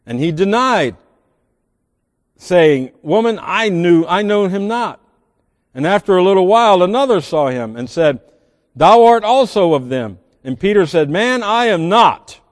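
A man's voice: high-pitched, very animated, measured pace, big-room sound. A man preaching a sermon as pastor, reading scripture aloud with emphatic swells and sudden drops. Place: large church sanctuary.

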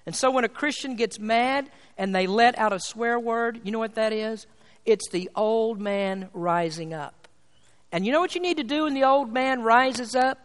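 A man preaching a sermon in a church, emphatic, swinging between loud and quiet. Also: very high voice, lively intonation, normal speed. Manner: emphatic, rises and falls in volume. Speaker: pastor. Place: church sanctuary. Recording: long hall reverb.

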